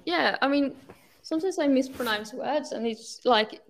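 A woman whose first language is Swedish speaks English with a Swedish accent. Her voice sits a little high. She talks in a casual podcast style, breaking off and restarting her sentences as she hunts for the right word. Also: a little hiss or hum. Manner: halting, restarts while searching for words. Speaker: guest.

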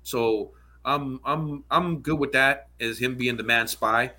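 A man's voice: mid-range voice, takes it slowly, bright, forceful tone. A man talking football in a loose, rambling way, often asking "you know what I'm saying" as he goes. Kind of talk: casual sports chat.

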